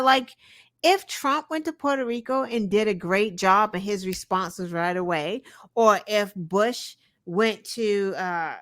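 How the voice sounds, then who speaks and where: A woman's voice: medium pitch, measured pace, fairly bright tone. A woman co-hosting a podcast, talking politics casually in an emphatic, exasperated way and swearing freely. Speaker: podcast co-host.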